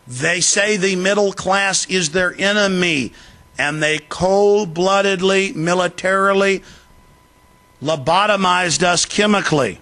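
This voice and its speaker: A man hosting a talk show, delivering rapid, forceful political commentary with heavy emphasis. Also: sits high.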